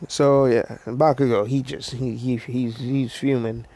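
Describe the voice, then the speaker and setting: A man's voice: medium pitch, flat delivery, a little slow, dark tone. A man casually retelling a fan story, rambling with slang and lots of fillers.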